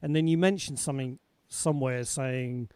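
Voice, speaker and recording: Steady and medium-pitched, with a clear, resonant tone and normal speed, a British host chats casually on a music show run over video call. He gives viewers warm welcomes, laughs readily and keeps the livestream conversation flowing.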